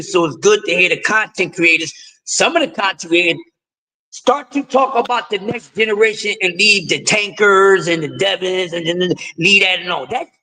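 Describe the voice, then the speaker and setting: A middle-aged man from the US East Coast with a raspy voice, hosting a casual sports talk live stream and rambling in a loose, jokey way with lots of repeated words. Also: high-pitched, pushed and bright, poor audio. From East Coast of the United States.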